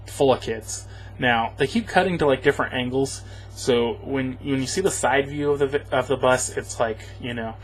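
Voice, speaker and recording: A man's voice: medium pitch, a bit bright, breathy edge, poor audio. A man casually recapping a movie for a review, rambling and sarcastic, chuckling often.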